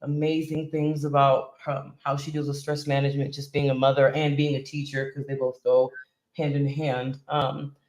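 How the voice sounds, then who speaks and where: A man hosting a live-stream interview, asking gentle, hesitant questions. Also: mid-range voice, level tone, moderate pace. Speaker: host. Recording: echoey room.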